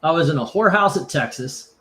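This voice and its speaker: A man's voice: on the high side, expressive, quick pace, a bit bright. Rambling, jokey man hosting a live stream. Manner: rambling and jokey, reads out viewer comments. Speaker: host of a live comic book auction stream. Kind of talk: casual livestream chat.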